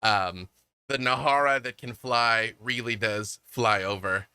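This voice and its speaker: A man narrating as game master of a tabletop game, descriptive and animated, with casual fillers. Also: mid-range voice, unhurried, clean tone, dry recording.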